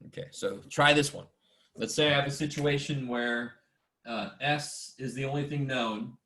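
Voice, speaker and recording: A math instructor teaches a statistics class over a video call mic in a casual online lecture. His voice is medium-pitched, a bit bright, and moderately paced, and he's informal and self-deprecating, muttering asides and mild curses.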